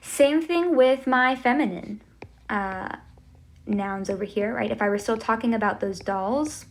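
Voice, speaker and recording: A woman's voice: a little high, unhurried, a little hiss or hum. A woman teaching a Spanish lesson at a board, upbeat and checking in with frequent "okay?" and "right?". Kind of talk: classroom lesson at a whiteboard.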